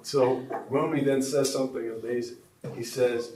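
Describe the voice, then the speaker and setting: Guy giving a spiritual talk, animated storyteller, mic kinda far, faint background noise. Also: mid-range voice, normal speed. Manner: animated storyteller, laughs along with listeners. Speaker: teacher. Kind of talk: spiritual teaching to a retreat group. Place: retreat teaching room. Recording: roomy, from a distance, faint noise.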